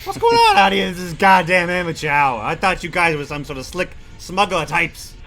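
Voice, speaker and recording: A man voicing a gruff, scornful man who barks insults loudly. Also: high voice, sing-song, moderate pace, soft background music, voice pushed up, heavily acted. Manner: barking, contemptuous, loud.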